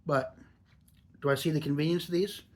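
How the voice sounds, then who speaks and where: A man's voice: a little high, fairly even intonation, a little fast. A man in his forties talking in a chatty, rambling, easygoing way while reviewing a product for a casual vlog.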